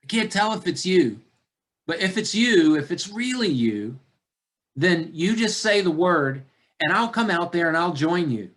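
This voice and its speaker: A man's voice: sits high, big pitch swings, a little slow, fairly bright tone, pitched above the performer's own voice, exaggerated voice. A pastor voicing an anxious pleading fisherman. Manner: pleading, raised and urgent. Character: anxious adult male fisherman disciple calling out. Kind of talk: sermon role-play.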